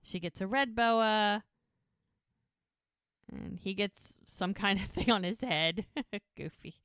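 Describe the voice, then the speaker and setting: A woman's voice: medium pitch, slow pace, a bit bright, clear, resonant tone, no room sound, clean studio sound. A woman co-hosting a podcast, casually recapping a TV episode and acting out the characters' lines with frequent laughter. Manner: retells scenes with quoted dialogue, laughs often.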